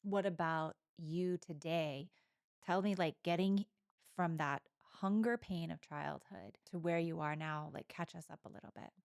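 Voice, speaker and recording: A woman's voice: lowish voice, unhurried, creaky, darkish tone, dry recording, clean studio sound. A woman co-hosting a podcast, speaking openly and reflectively in an intimate conversation. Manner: open, reflective, candid. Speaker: podcast co-host.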